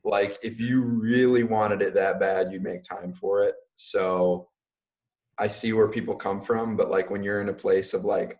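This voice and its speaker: Low-voiced casual young man. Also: fairly even intonation, unhurried, a little mellow. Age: young adult. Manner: casual, filler-heavy, uses "like" often. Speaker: guest. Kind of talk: casual interview talk.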